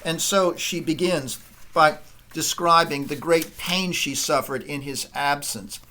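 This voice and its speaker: A man giving a literature lecture, thoughtful and unhurried, pausing often with uh and um. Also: on the high side, sharp tone, a little hiss or hum. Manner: thoughtful, with frequent uh and um pauses. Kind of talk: recorded lecture.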